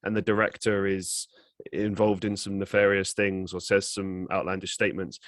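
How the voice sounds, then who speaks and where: A man's voice: sits low, level tone, normal speed, fairly bright tone, no room sound. London man hosting a podcast. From London, England. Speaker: podcast host. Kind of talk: casual interview chat.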